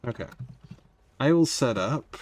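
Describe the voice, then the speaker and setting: An unhurried, expressive man with a medium-pitched voice and a darkish tone talks through his gameplay on stream. He rambles and jokes wryly with his viewers, and there is no echo on the audio.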